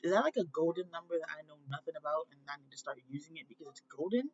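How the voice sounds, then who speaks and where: A woman's voice: deep voice, lively intonation, quick pace, dull audio, a little hiss or hum. Blunt, chatty woman vlogging. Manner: blunt and chatty, swears freely, talks straight to viewers. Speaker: parenting life coach. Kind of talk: casual vlog chat.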